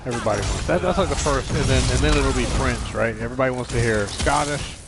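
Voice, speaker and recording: A man's voice: medium pitch, quick pace, gravelly, very noisy. A man streaming a video game, chatting casually and profanely with his viewers in a joking way. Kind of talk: casual live-stream chat.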